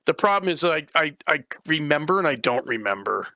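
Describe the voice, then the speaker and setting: A man's voice: fairly high pitch, very animated, brisk, bright, forceful tone, no room sound. A man running a tabletop game as game master, narrating in a rambling way and voicing characters.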